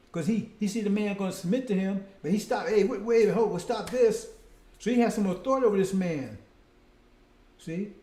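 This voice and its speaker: A man's voice: high voice, dark tone. A man preacher giving a rambling sermon who keeps asking his listeners "see?" and "right?" and calls them brothers and sisters. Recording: roomy echo.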